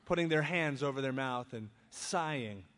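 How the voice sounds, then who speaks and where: A man preaching a sermon, reading scripture aloud and then breaking into lively, conversational asides. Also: mid-range voice, moderate pace. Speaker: pastor. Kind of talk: expository sermon. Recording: long reverb of a large hall.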